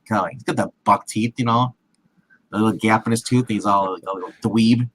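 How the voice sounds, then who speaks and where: As co-host of a movie show, a man casually recaps a film scene, restarting often and acting out quotes. His voice is fairly low, brisk and a bit bright, in a low-quality recording with a little hiss or hum.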